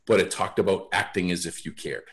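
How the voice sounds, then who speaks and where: A sales author guesting on a podcast tells casual stories in a low-pitched, steady, fairly bright voice, a little fast. He's blunt and frank, often restarting his sentences.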